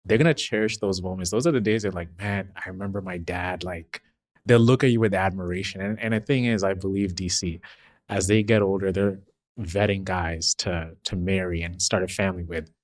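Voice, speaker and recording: A man with a fairly low voice chatting on a podcast. He speaks in an encouraging, affirming way, backing up his co-host. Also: steady tone, a little fast, no echo. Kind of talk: casual conversation.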